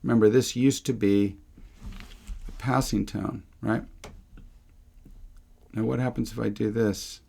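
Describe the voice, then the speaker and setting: Gravelly-voiced man teaching music theory. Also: lowish voice, steady tone, a little slow, pauses often, dark tone. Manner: thinking aloud, rhetorical questions, self-corrections. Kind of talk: screen-recorded music theory lesson.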